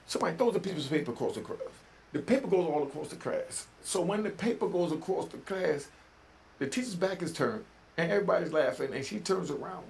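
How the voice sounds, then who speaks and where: A man's voice: on the high side, vocal fry, a little hiss or hum. An older man from New York giving casual commentary, talking in preachy street slang and often asking "you know what I mean?". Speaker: vlogger.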